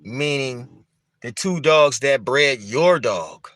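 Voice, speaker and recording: A man's voice: mid-range voice, animated, slow, fairly bright tone, no echo. A man speaking, talking conversationally, asking rhetorical questions and repeating his points. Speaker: dog breeder talking to camera. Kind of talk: casual monologue.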